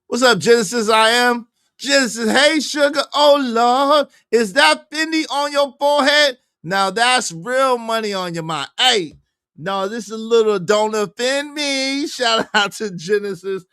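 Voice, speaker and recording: A man's voice: very high-pitched, unhurried, sharp tone, clear, resonant tone, no room sound, clean studio sound. A man hosting a casual livestream, reading viewer comments aloud and calling out guests and viewers by name. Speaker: show host.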